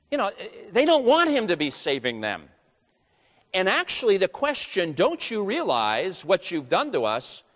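A man's voice: fairly high pitch, a bit bright. Preaching man in a reverberant hall. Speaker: pastor. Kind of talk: sermon.

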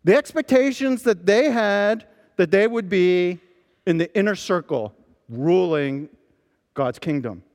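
Animated preacher in an echoey hall. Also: male voice, high voice, unhurried. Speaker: pastor. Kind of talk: sermon.

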